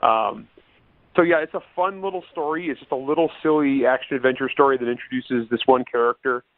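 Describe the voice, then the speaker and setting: A man's voice: medium pitch, a little fast, no echo. A man talking as an author guest in a casual interview, chatty and laughing often, with many fillers and restarts. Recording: tinny phone-line sound, dry.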